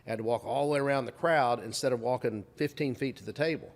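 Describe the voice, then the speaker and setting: Fast-talking middle-aged man telling a story. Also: medium pitch. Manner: animated storyteller, acts out quoted voices. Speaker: guest. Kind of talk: casual storytelling chat.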